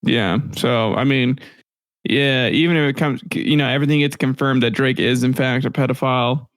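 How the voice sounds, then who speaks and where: A man's voice: mid-range voice, fairly even intonation, moderate pace, dry recording, low-quality recording. A young man co-hosting a podcast, chatting loosely with lots of slang and laughter. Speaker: podcast co-host. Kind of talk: casual chat.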